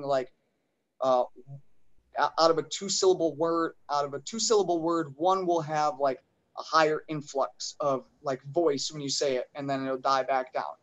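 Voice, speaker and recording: A man's voice: fairly high pitch, steady tone, normal speed, poor audio. A man taking part as a guest in a casual talk show, thinking aloud with many fillers. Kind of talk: casual chat.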